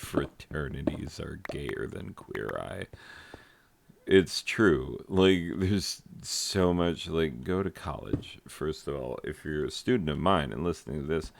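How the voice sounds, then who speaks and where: A very low, gravelly American man talks slowly through a meandering gaming commentary. He wanders from aside to aside with plenty of fillers. Steady background noise and clicks sit under the voice. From United States. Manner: rambling, joking asides, frequent fillers. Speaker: gaming channel host. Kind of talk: rambling commentary while playing a video game.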